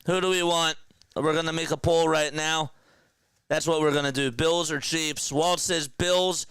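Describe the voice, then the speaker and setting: Excited, emotional young male livestream host. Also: on the high side, a little slow, clear, resonant tone, dry recording. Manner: excited, emotional, talks to chat. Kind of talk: casual livestream chat.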